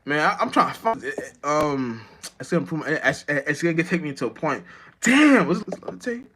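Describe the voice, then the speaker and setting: A musician rambles to his live-stream viewers in a restless, profane monologue. He restarts his sentences often, and his voice sits on the higher side for a man. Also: big pitch swings, fairly quick, bright, forceful tone, slight background noise.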